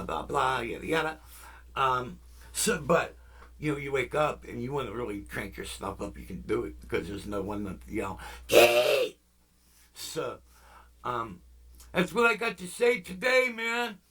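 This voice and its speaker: A man's voice: on the low side, pushed and bright, breathy edge. A man hosting his own music channel, chatting casually and rambling through tangents, fillers and jokes aimed at his viewers. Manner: laid-back, jokey, talks straight to viewers. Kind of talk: casual rambling vlog chat.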